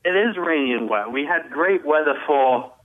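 A young man with a British-leaning, Mid-Atlantic accent calls in over a thin, tinny phone line. His voice is a touch higher than usual for a man. He talks hesitantly and pokes fun at himself. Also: lively intonation, normal speed, dry recording. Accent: British-Mid-Atlantic mix. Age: 20s. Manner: hesitant, self-deprecating. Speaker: caller. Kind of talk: casual call-in chat.

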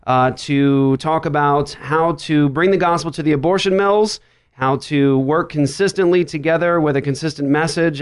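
A man's voice: fairly high pitch, clear, resonant tone. Upbeat man hosting a radio show. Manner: upbeat, quick banter with frequent laughs. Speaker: podcast host. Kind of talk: casual radio show chat. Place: makeshift studio writers' room.

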